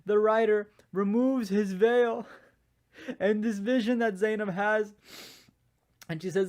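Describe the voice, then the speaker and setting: A man telling a religious story at a mourning gathering, acting out the voices he quotes with rising pitch and force. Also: fairly even intonation, a little slow, darkish tone.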